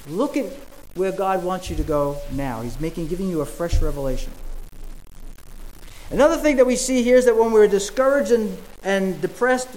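A male preacher delivers a sermon with an earnest, explaining tone. His voice is fairly high for a man, and he pauses often with fillers. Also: rough recording.

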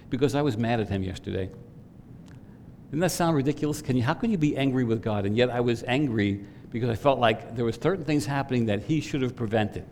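In a church sanctuary with long hall reverb and slight background noise, a man with a mid-range, darkish voice preaches earnestly. This pastor's sermon rises in emphasis whenever he puts questions to the congregation.

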